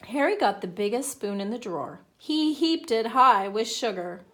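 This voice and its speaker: A woman's voice: fairly high pitch, moderate pace. Woman reading a children's story aloud. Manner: animated, playful. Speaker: children's book reader.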